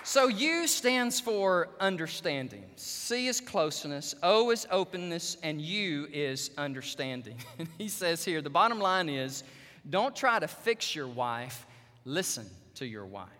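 Pastor, man, bright high voice, animated sermon, reverberant church hall. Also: a little slow. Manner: animated preaching that swings from quiet asides to loud emphatic peaks. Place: church sanctuary.

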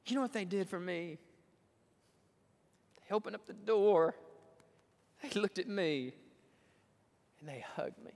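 Preacher in a reverberant church. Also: male voice, sits high, unhurried, creaky, pauses often. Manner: animated storytelling, acting out quoted voices. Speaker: pastor. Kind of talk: sermon. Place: church sanctuary. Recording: long church hall reverb.

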